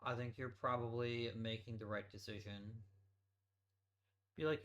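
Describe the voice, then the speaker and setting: A man's voice: medium pitch, fairly even intonation, measured pace, fairly bright tone. A man hosting a let's play, giving casual gameplay commentary as he thinks aloud and swears offhandedly.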